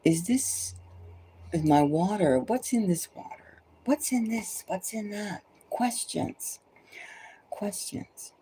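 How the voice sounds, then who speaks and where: A woman's voice: medium pitch, expressive, a little slow, dark tone, a little hiss or hum, low-quality recording. A woman tarot reader giving an impassioned, preachy monologue full of urgent repeated exhortations, sometimes dropping to a whisper.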